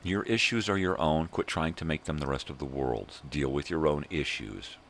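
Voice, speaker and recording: An older man from Southern California, hosting a rambling morning video monologue in a profane, ranting way with drawn-out fillers. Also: very deep voice, gravelly, a bit bright, slight background noise. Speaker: vlog host.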